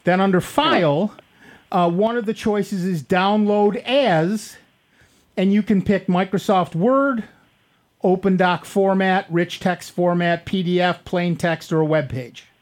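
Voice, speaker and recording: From a radio studio, a high-pitched man hosts a call-in tech advice show at a measured pace through a studio microphone. His manner is chatty and rambling as he leads callers through the steps.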